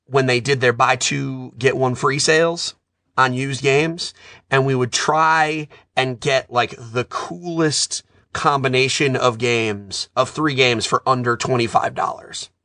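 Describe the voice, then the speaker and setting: A man in his thirties chatting casually about video games, telling animated stories as a self-described nerd. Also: medium pitch, measured pace, no echo, studio quality. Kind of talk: casual chat.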